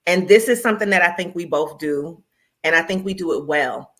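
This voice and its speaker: A woman's voice: lowish voice, brisk. A woman from New York with a New York accent, hosting an interview in casual, slangy conversation. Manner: conversational, uses slang and sarcasm, animated storytelling. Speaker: podcast host.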